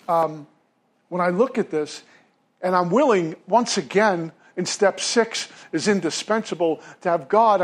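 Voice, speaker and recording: A man from Brooklyn, telling his recovery story to a meeting from a podium in a self-deprecating way. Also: sits high. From Brooklyn, New York. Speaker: recovery speaker.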